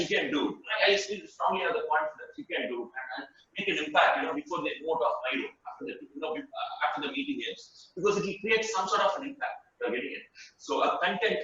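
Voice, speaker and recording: Fast, bright-voiced man. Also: a little high. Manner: emphatic, repeats phrases for stress. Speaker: webinar guest speaker. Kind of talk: motivational talk. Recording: echoey, distant, dull webinar audio.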